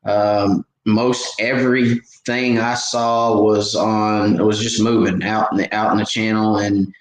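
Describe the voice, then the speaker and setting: Folksy fishing host, roomy sound. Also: male voice, lowish voice, little pitch movement, slow. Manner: rambling, folksy, lots of fillers and restarts. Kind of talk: casual live stream chat. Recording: echoey room with faint background noise.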